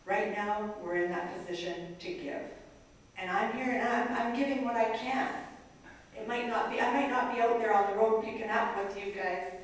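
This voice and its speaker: A middle-aged woman from Canada gives a lively, humorous talk, acting out the voices in her stories. Her voice rings through a large hall with a long, echoey tail. The mic sits some distance from her, with faint room noise underneath. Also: on the high side, moderate pace. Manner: humorous, animated, acts out dialogue in quotes. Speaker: motivational speaker. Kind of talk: storytelling presentation to an audience.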